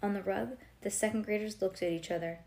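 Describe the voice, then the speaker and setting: A woman's voice: mid-range voice, fairly quick, gravelly, a little hiss or hum. A young woman reading a children's book aloud, breaking off now and then to chat and joke with someone close by. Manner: lively, breaks off to chat and joke with a listener nearby. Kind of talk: reading a storybook aloud with asides.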